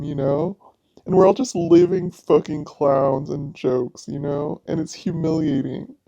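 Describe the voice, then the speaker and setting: A woman's voice: sits low, dark tone. A woman in a personal vlog monologue, venting in a raw, profane way. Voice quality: gravelly vocal fry. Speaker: vlogger. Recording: dull lo-fi audio.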